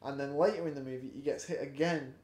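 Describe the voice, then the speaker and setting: A young man talks through a film in a relaxed, meandering way, pausing often on ums. His tone is mellow and dark. The room around him rings with a noticeable echo. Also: mid-range voice. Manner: rambling, hesitant, many ums. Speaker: podcast co-host. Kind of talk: casual film review chat. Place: home flat. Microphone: camera in a room. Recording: echoey room.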